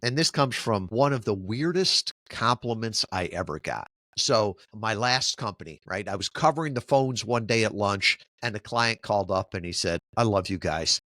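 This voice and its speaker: A middle-aged man answering interview questions in a lively, storytelling way, often checking in with "right?". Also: on the low side, moderate pace, dry recording, clean studio sound. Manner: animated storyteller who keeps asking "right?". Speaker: podcast guest, marketing company founder.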